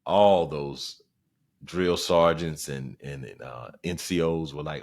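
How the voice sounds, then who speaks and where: A man in his forties from South Carolina with a Southern accent, a stand-up comic hosting a podcast in a loose, slangy, animated monologue. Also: rumbling low, takes it slowly, gravelly. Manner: animated, slangy, repeats phrases. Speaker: podcast host, stand-up comedian.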